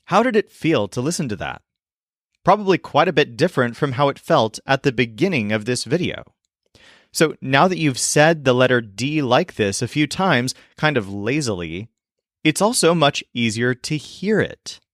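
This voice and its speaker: A man teaching in a language lesson video, explaining clearly and modeling sounds slowly. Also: medium pitch, very animated, fairly bright tone, no echo, studio quality. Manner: clear, demonstrative, slows to model pronunciation.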